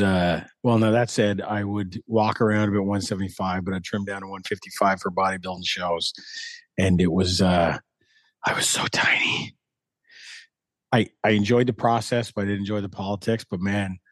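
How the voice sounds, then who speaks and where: A low-voiced man with a Canadian East Coast accent, chatting casually as a podcast guest. He rambles in a folksy way through his stories. The sound is dry and close, with no room echo. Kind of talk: casual chat.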